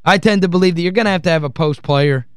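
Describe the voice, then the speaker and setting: A male sports radio host with a high, fast, smooth voice rants in a studio during a call-in sports talk show. Heated and exasperated, he drives his points home by repeating phrases, with no room sound in the recording.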